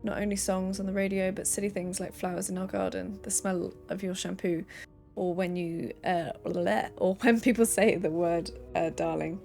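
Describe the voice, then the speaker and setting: A woman's voice: lowish voice, vocal fry, a little mellow. A young woman streaming a game, reading letters and notes aloud with playful asides.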